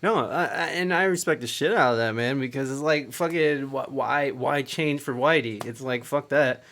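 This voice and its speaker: A man's voice: medium pitch, moderate pace, a bit bright. A man hosting a casual interview, talking bluntly with swearing and loose, rambling questions. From Mexico, half Mexican heritage. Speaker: podcast host.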